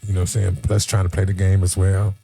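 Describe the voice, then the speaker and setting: A man from Texas, chatting casually on a podcast and telling animated stories with acted-out quotes. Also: deep voice, quick pace, gravelly.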